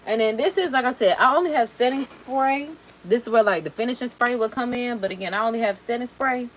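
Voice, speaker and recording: A young adult woman hosting a reaction video, chatting casually in a sassy, animated way while doing her makeup. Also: a little high, a little fast, slight background noise, rough recording. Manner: sassy, animated, slangy and expressive.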